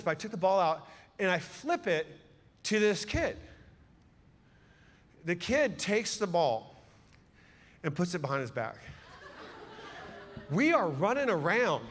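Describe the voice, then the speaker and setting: A man with a fairly high voice preaches to his congregation, turning his sermon into an animated story. He swings between loud bursts and hushed, intimate moments, and long reverb from the hall trails after his words. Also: measured pace, pauses often.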